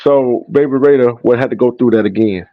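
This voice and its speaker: A man hosting a live stream, speaking haltingly with many pauses and fillers. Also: mid-range voice, dry recording, phone-quality sound. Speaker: host. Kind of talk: casual live-stream talk.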